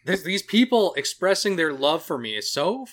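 A man hosting a casual podcast, animated and joking, swearing freely. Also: a little high, moderate pace. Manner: animated, profane, jokey. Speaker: podcast host.

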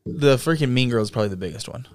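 A man's voice: mid-range voice, expressive, very fast, darkish tone. A man co-hosting a casual podcast, chatting about movies in a rambling, jokey way. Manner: rambling, jokey, sings and mimics. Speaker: podcast co-host. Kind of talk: casual chat.

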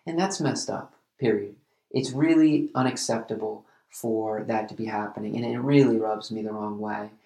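Man, podcast host, earnest, halting restarts, gravelly voice, echoey room. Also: lowish voice, fairly even intonation, dark tone. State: emotional at times. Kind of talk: reflective solo podcast monologue.

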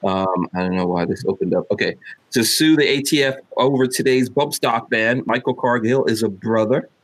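A male podcast host talks in a relaxed, joking way, ribbing the others at the table. His voice sits in an ordinary middle pitch. He reads the news items in a loose, offhand manner. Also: moderate pace. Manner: joking, teasing banter. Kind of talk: casual chat. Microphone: studio mic.

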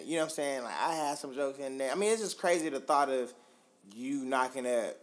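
Guy cohosting a chill talk show, mid pitch, rambly and cussing a lot. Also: a little fast. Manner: loose, profane, filler-heavy storytelling. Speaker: podcast co-host. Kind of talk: casual chat.

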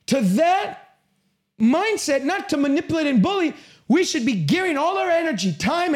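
High-pitched impassioned preacher man. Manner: impassioned, emphatic preaching with bursts of shouting. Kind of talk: sermon.

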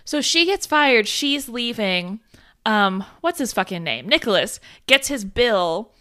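A woman's voice: on the high side, big pitch swings, a little slow, sharp tone, clear, resonant tone. A woman co-hosting a podcast, summarizing a film plot in casual chat with wry asides. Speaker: podcast co-host.

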